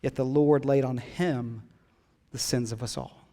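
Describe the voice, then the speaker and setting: A middle-aged male pastor preaching a sermon, chatting with his congregation and swinging from loud emphatic build-ups to hushed whispers. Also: medium pitch, steady tone, unhurried. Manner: conversational, jokes with the congregation. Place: church hall. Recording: long hall reverb in a church.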